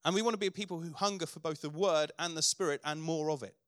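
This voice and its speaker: A man's voice: fairly high pitch, fast, fairly bright tone, no echo, clean studio sound. A middle-aged man preaching a sermon as pastor, earnest, building to emphatic declarations.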